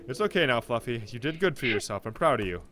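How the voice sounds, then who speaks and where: A man voicing a kind young man caring for a lost boy, speaking low, calm and reassuring. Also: quick pace, a crowd in the background, natural voice.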